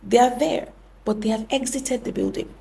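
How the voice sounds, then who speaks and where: Gravelly-voiced woman explaining earnestly. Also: on the high side, moderate pace, dark tone. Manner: earnest, explanatory, corrects herself mid-sentence. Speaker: podcast host. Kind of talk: reflective podcast talk.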